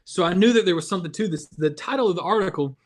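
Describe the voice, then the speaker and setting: Guy on a video call doing a youth devo, kinda high voice, jokey and rambly. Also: racing. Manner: chatty, joking and self-deprecating. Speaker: youth ministry devotional host. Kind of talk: casual devotional chat.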